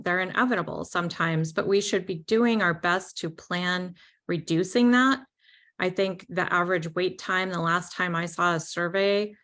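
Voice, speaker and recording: Chatty woman with a lower voice. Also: fairly bright tone. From New York. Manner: chatty, many "like" and "right?" fillers. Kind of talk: casual business podcast talk.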